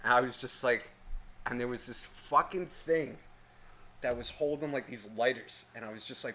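A young man co-hosting a podcast, telling a story in a casual, profane, animated rant. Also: mid-range voice, normal speed. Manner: swears constantly, animated ranting. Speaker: podcast co-host.

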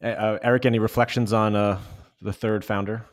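A man's voice: on the low side, little pitch movement, brisk, no echo, clean studio sound. A man hosting a podcast, chatting casually and rambling with lots of filler words. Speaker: podcast host. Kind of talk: casual chat.

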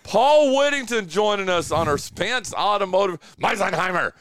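A man's voice: high-pitched, lively intonation, normal speed, a bit bright, clear, resonant tone. A man hosting a casual sports radio show from a studio, chatty and full of fillers, often saying "dude.". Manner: chatty, filler-heavy, says "dude" a lot. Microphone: studio mic.

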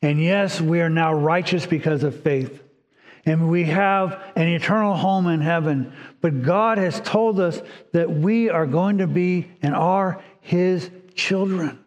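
A man's voice: fairly high pitch, unhurried. Earnest preacher man in a reverberant hall. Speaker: pastor. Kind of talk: sermon.

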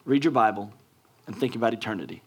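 A man voicing a calm, wise elderly male statesman, speaking low and hushed. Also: quick pace. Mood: grave.

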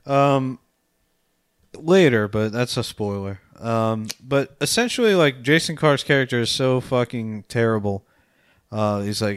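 A man chatting casually on a podcast, recapping a film with frequent laughs and swearing. His pitch sits mid-range. The sound is dry and close. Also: expressive, measured pace, clean tone, no echo. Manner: laughs often, swears casually, acts out scenes. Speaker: podcast co-host. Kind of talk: casual movie-review chat.

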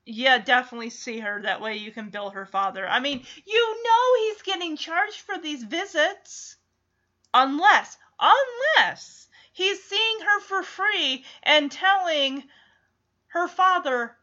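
A woman's voice: extremely high pitch, sing-song, measured pace, pushed and bright. A woman giving casual, sarcastic running commentary while watching a film, laughing often. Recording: slightly dull lo-fi audio.

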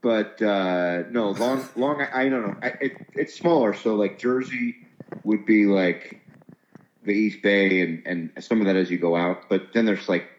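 A man's voice: fairly low pitch, a little slow, slight background noise. A man from the Bay Area chatting casually, hesitant and full of fillers, often trailing off. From San Francisco Bay Area. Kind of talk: casual chat. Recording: roomy, dull lo-fi sound.

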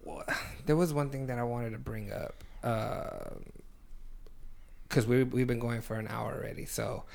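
A man's voice: mid-range voice, steady tone, unhurried, vocal fry, a little mellow. A young man co-hosting a podcast in casual chat, rambling through stories with many fillers and restarts. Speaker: podcast co-host.

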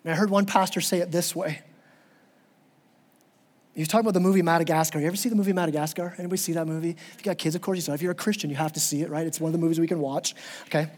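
Impassioned high-voiced male pastor preaching. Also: fairly even intonation, rapid-fire, a little mellow, long reverb tail. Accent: Southern American. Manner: impassioned, repeats words in restarts. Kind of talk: sermon.

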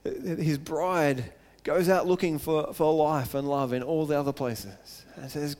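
A man preaching a sermon earnestly, repeating phrases and building to excited emphasis. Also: fairly high pitch, measured pace, hardly any pauses, big-room sound.

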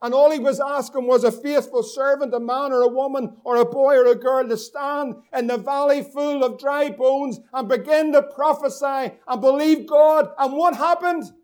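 High-voiced preaching pastor. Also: male voice, darkish tone. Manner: preaching with rhetorical questions and stretched emphasis. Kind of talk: sermon.

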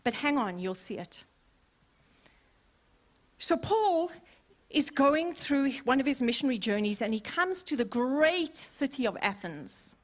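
A woman pastor preaching a sermon, expressive and playful, with humorous asides to the congregation. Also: high voice, a little slow, long pauses. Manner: expressive, acts out scenes.

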